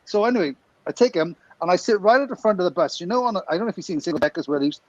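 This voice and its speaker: A man, co-hosting a podcast, tells a funny story in a casual, animated way and laughs as he goes. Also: high voice, racing, no echo, lo-fi sound. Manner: animated, laughs through his story, acts out quotes.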